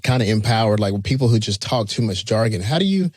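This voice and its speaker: Animated male interview host, loose and joking, lots of pitch movement. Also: fast, no echo, clean studio sound. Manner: laughing, riffs on movie quotes. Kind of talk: casual interview chat.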